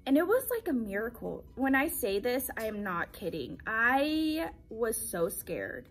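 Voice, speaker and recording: Breathy young woman telling teacher stories. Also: on the high side, a little slow, hardly any pauses, faint music behind. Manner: animated, acts out quoted voices, repeats phrases for emphasis. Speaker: teacher sharing her story. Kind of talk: casual storytelling vlog.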